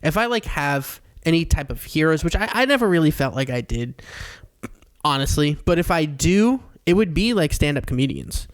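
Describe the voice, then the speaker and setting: Animated young man with a higher voice. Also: normal speed. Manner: animated, self-mocking, swears freely. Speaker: podcast co-host. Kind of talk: casual comedic chat.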